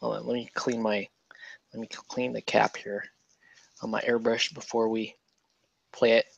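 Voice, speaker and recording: A man's voice: lowish voice, level tone, normal speed, vocal fry, no room sound, lo-fi sound. A man hosting a casual painting stream, rambling and joking over a headset mic with many restarts. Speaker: host of a miniature painting stream. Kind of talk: casual chat.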